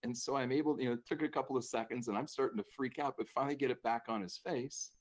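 A man recounts a personal memory conversationally, his voice mid-pitched and ordinary. He talks in a loose, self-deprecating way, with restarts and bursts of laughter along the way. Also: quick pace. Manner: casual, self-deprecating, laughs through the telling. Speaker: speaker telling a personal story. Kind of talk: conversational storytelling.

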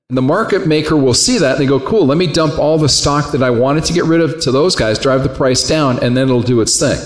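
A man teaching a trading class in a conversational way, often putting questions to the room. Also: on the high side. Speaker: trading instructor. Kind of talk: classroom lecture. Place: classroom or lecture hall. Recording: echoey hall with long reverb.

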